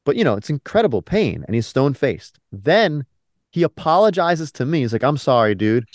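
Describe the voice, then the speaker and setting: A man co-hosting a podcast, telling stories in casual chat, swearing and acting out quotes with sudden loud high outbursts. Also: sing-song, moderate pace, no echo, studio quality. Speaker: podcast co-host. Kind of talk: casual chat, animated storytelling.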